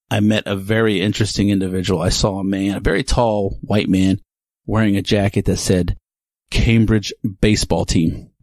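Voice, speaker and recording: Chatty man, low dry voice. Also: a little mellow, no room sound. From Texas. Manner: rambling, chatty, digressive. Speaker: podcast host. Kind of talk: casual monologue.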